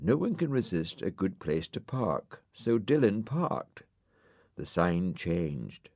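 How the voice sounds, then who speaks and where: A man narrating a children's storybook in a lively, expressive way. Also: deep voice, slow, gravelly, no room sound, clean studio sound. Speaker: audiobook narrator.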